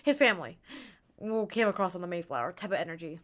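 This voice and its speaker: A woman's voice: lowish voice, lively intonation, fast talker. A young woman chatting casually on a live stream into an earbud mic, rambling and giggling in a playful way.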